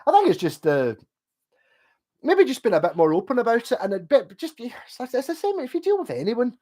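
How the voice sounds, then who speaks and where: A man's voice: very high-pitched, huge pitch swings, brisk, dark tone. A Scottish man in his forties chatting casually on a livestream, rambling and swearing as he tells stories and trails off mid-sentence. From Scotland. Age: 40s. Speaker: livestream host. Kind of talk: casual chat.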